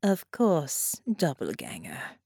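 A woman voicing a male alien shapeshifter who talks with smug, slow amusement. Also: low-pitched, wildly swooping pitch, creaky, warm tone, husky, no room sound, clean studio sound, exaggerated voice. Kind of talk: audiobook character voice.

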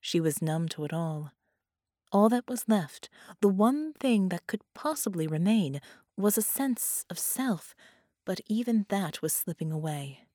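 Slow, measured woman narrator. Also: medium pitch, lively intonation, mellow, dry recording, studio quality. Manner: measured, unhurried reading. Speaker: audiobook narrator. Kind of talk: scripted narration.

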